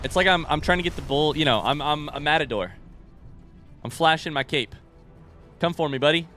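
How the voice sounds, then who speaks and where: A man's voice: a little high, fairly quick, pushed and bright, faint music behind. A young man giving casual, joking commentary while playing a video game, talking back to it and swearing. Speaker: gaming streamer.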